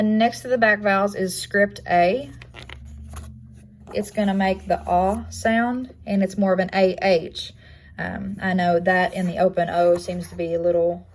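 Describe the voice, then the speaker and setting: A young woman giving a class project presentation, speaking plainly with frequent ums and uhs. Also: medium pitch. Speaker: student presenter.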